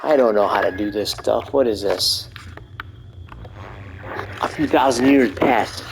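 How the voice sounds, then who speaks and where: A man casually commentating his gameplay, rambling and joking with crude swearing and excited outbursts while stretching. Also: on the low side, measured pace, gravelly, background noise. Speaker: gamer commentating his play. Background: arcade game music.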